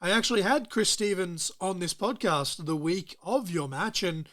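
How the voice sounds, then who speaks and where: A man's voice: sits high, normal speed, fairly bright tone. A young man hosting a podcast interview in a casual, rambling way, laughing often and swearing freely. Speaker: podcast host.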